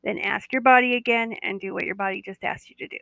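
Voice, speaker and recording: A woman's voice: mid-range voice, fairly even intonation, fast talker, vocal fry, fairly bright tone, no echo, low-quality recording. A woman who leads a guided body-awareness meditation live, talking in a soothing, coaxing way and often repeating "that's right.".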